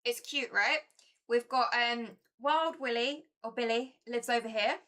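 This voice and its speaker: A young woman streams her board game play in a chatty, easily excited way. Her voice is bright and sits a bit high, with a playful, giggly lilt. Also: measured pace. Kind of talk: casual live-stream board game playthrough.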